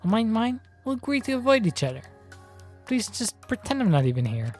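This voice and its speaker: A woman reading aloud the lines of a cold, guarded teenage girl assassin from a video game, in a plain, flat voice. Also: fairly high pitch, brisk, soft background music, voice pushed up.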